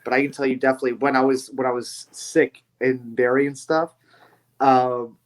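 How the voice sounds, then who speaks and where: A man who wrestles, chatting as a podcast guest and telling stories in an animated, casual way. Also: mid-range voice, moderate pace. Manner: animated storyteller, swears lightly. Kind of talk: casual chat.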